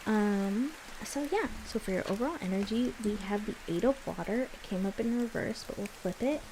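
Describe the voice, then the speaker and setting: A woman's voice: medium pitch, moderate pace, darkish tone, slight background noise, low-quality recording. A young woman giving a casual tarot reading, explaining the cards in a chatty way. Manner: chatty, explaining as she goes. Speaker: tarot reader.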